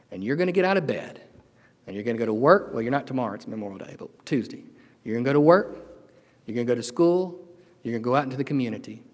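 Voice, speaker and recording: A middle-aged man preaching a sermon as pastor, earnest and emotional, swinging from loud declarations to hushed, tender moments. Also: medium pitch. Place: church sanctuary. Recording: long hall reverb.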